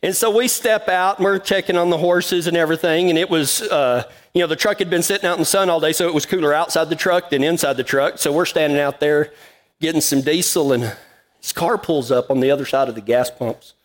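A middle-aged man preaching cowboy-style in a high voice. He drawls through a folksy story and laughs along with it, relaxed and plainspoken. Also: fairly quick.

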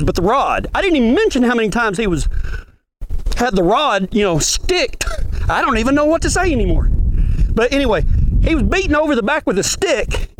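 Texan guy preaching, real high voice, folksy, keeps asking the crowd stuff. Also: slight background noise. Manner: folksy, animated, asks the room questions. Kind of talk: sermon. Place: ranch gathering.

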